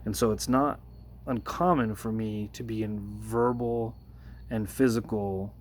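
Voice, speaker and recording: A man's voice: steady tone, measured pace, slight background noise. A man telling a personal story to a phone camera in a casual vlog, earnest and hesitant, with many restarts. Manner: earnest, hesitant, many restarts, rises in pitch when retelling the confrontation. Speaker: workplace de-escalator.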